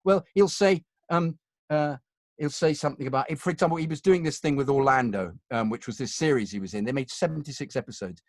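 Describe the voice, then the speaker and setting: Brief: middle-aged British male voiceover pro, anecdotal, self-deprecating, mid-pitched, dry close mic. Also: quick pace, no echo. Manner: chatty, self-mocking, acts out quotes. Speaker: voiceover artist. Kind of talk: conversational anecdotes.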